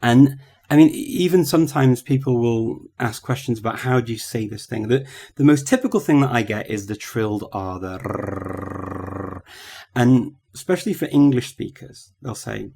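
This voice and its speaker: A man's voice: mid-range voice, animated, a little fast, hardly any pauses, warm tone. A man hosting a language podcast, asking his guest thoughtful, open questions in a casual chat. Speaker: podcast host.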